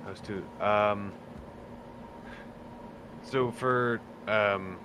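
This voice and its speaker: A man's voice: lowish voice, steady tone, drawn-out words, noisy background. A man playing in a tabletop game, talking in a loose, laid-back way. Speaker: player. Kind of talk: casual tabletop game play.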